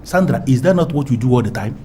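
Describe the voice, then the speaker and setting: A man's voice: medium pitch, lively intonation, fast talker, mellow, soft background music, lightly acted. A man playing a menacing lover with a Nigerian accent. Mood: scornful. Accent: Nigerian English. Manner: menacing, grandiloquent, repetitive. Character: domineering man threatening his lover. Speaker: man confronting his lover. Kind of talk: Nollywood film acting.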